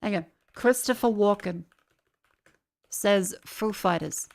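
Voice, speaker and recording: A woman's voice: mid-range voice, takes it slowly. A woman streaming, chatting casually and playfully while playing a music guessing game, with the odd swear word.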